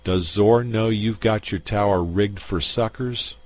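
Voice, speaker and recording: A man's voice: on the low side, measured pace, darkish tone, close to an everyday voice. A man voicing a tough male adventurer who gives firm, clipped commands.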